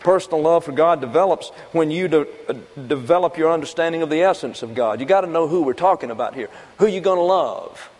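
A man's voice: a little high, fast, few pauses, darkish tone. A man preaching a sermon in a folksy, conversational way, asking and answering his own questions. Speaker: pastor. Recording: long reverb of a church hall.

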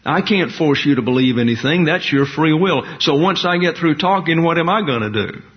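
In a dull, lo-fi recording, a male pastor preaches a verse-by-verse teaching sermon, taking his time to explain Greek terms and adding side comments. His pitch runs somewhat high and his delivery is expressive.

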